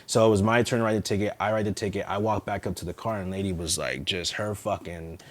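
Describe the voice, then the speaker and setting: A young man with a fairly low voice tells street stories in a loose, profane way. He slips into quick impressions of the people he talks about, then drops back to his easy chatting tone. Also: steady tone. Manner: profane, storytelling, acts out quoted voices. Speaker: police officer and podcast co-host. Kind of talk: casual chat.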